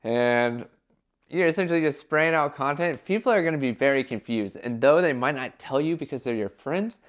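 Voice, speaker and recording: In a vlog, a young entrepreneur hands out casual brand advice in a medium-pitched voice. He talks animatedly, peppering his speech with "like" and quick acted-out quotes.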